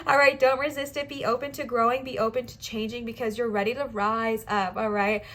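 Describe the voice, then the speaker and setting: A woman's voice: a little high, steady tone, brisk, fairly bright tone. A woman giving a casual pick-a-card tarot reading, speaking in enthusiastic, encouraging bursts full of affirmations and chatty asides to her viewers. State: out of breath at times. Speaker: tarot reader, channel host.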